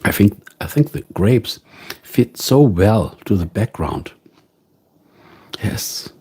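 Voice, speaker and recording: A man with a German accent hosting a casual live stream from home, musing slowly and greeting viewers by name. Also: on the low side, big pitch swings, dark tone, slight background noise. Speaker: livestream host.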